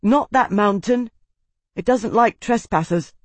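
A frightened young man in a fantasy audiobook, as a male narrator puts him on, who blurts and swears in alarm. His voice sits high and tight, and the sound is close and dry. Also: takes it slowly, a little mellow, dry recording. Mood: insistent.

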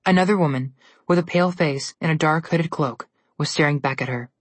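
A woman narrating a storybook tale in a steady, even manner. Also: low-pitched, brisk, no room sound.

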